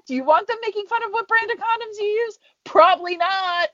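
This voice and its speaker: A woman's voice: very high-pitched, a little fast, a bit bright, dry recording. A young woman co-hosting a podcast, chatting casually and animatedly, laughing often and acting out quoted voices. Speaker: podcast co-host. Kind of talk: casual chat. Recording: dull, dry home podcast audio.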